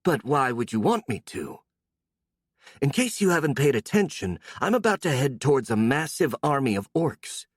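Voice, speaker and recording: A man's voice: mid-range voice, very animated, moderate pace, husky, dry recording, studio quality, pitched above the performer's own voice. A man voicing a smug monster queen, a man stuck in a young woman's body, in an audiobook. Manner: smug, then easily surprised.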